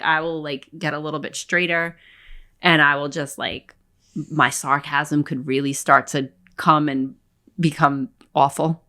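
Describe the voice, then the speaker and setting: A woman co-hosting a podcast, talking in a casual, animated way about faith and trust, often acting out quoted dialogue. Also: low voice. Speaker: podcast co-host.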